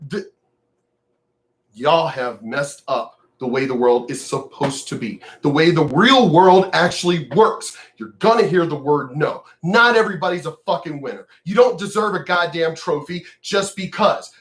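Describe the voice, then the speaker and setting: A man's voice: a little high, moderate pace, a bit bright. An older, retired man who vlogs, ranting to camera in a profane, sneering, mocking way. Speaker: vlogger. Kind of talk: angry direct-to-camera rant.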